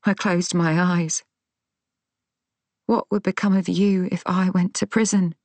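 A woman narrating a first-person audiobook in a measured, tense, dramatic way. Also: on the low side, little pitch movement, darkish tone, dry recording.

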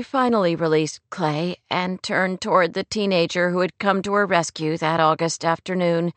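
Woman with a gentle, measured reading voice. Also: on the low side, no room sound. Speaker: audiobook narrator. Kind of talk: scripted narration.

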